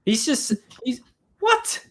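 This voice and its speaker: A man hosting a live stream, ranting angrily with lots of swearing, swinging from loud outbursts to low muttering. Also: sing-song, slow pace. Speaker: show host. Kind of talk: profane live-stream rant.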